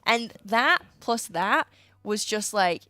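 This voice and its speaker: Animated woman casting a live stream. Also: medium pitch, slow pace, no echo. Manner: animated storyteller, laughs often. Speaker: co-caster. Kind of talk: casual chat.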